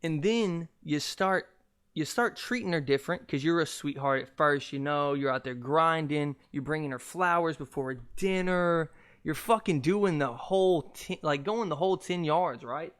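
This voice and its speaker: A young man holds forth on his own podcast in a casual, rambling rant. His voice sits a touch high for a man, and he talks in an animated, joking way, swearing freely. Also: moderate pace, clean tone. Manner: profane, animated, jokey. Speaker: podcast host.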